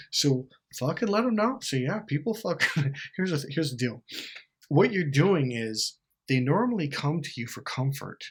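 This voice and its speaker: A man's voice: mid-range voice, animated, moderate pace, fairly bright tone, husky. A man hosting a casual self-help monologue, blunt and profane, laughing often and acting out what people say. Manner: blunt and profane, acts out quoted lines; laughs often mid-sentence. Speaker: self-help video host.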